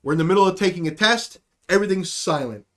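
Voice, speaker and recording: A man's voice: high-pitched, fast talker, fairly bright tone. A man hosting a livestreamed podcast, telling a rambling, profane comic story about his school days. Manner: rambling, profane, self-deprecating. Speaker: podcast host.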